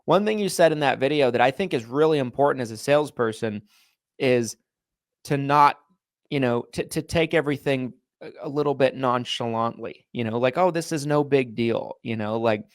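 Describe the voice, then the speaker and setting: This podcast co-host is a man on a sales show who chats in a relaxed, rambling way, filling his talk with lots of fillers. His voice is mid-range and his speed normal, recorded at studio quality with no room sound.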